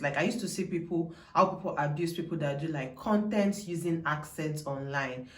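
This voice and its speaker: A man's voice: fairly high pitch, moderate pace. A man from Nigeria with a Nigerian accent, talking earnestly to camera in a casual vlog and dropping lots of "like"s. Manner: earnest, many filler "like"s. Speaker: vlogger. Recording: roomy echo, mic at a distance.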